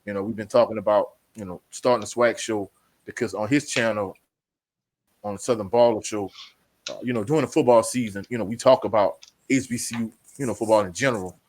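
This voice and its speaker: A man, a guest creator who talks about himself in a relaxed way with many "you know" fillers. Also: on the low side, brisk. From Louisiana. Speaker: guest, sports channel creator. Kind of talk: casual interview talk.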